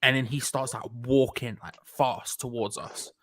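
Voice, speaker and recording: Young man, casual storytelling, animated, sweary. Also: mid-range voice, moderate pace, no echo. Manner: animated, swears often, acts out voices in his stories.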